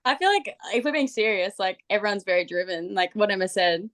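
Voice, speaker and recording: A woman's voice: mid-range voice, animated, brisk. A woman football player answering interview questions thoughtfully over a video call, with many "like" and "um" fillers.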